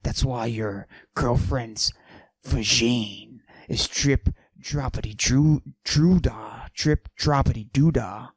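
A man putting on a husky, forced-deep macho braggart. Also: slow, dry recording. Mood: swaggering. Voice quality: forced deep breathy whisper. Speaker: podcast host. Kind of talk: comedic monologue in character.

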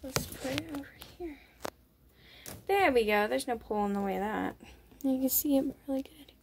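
A woman's voice: high voice, animated, normal speed, a little mellow, slight background noise. A woman vlogging on her phone at home, chatting and coaxing her pet rats at their cage. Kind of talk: casual vlog talking to pet rats. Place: indoors at a rat cage. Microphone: phone held up while filming.

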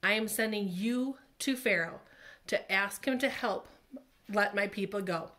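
A slow, booming God figure from a children's Bible storybook, grave and commanding, as a woman reader puts him on. The voice sits a little lower than her usual talk and carries loud, deliberate declarations. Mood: solemn. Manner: solemn, loud pronouncements.

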